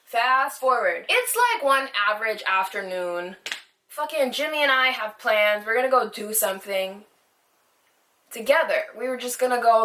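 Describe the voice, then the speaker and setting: A young woman speaks into her phone in a high, sharp voice, ranting through a story with constant swearing. She sits a bit back from the mic, so the sound sits at a slight distance. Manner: rambling, heated, swears constantly. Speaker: vlogger. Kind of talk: storytime vlog. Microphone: phone camera.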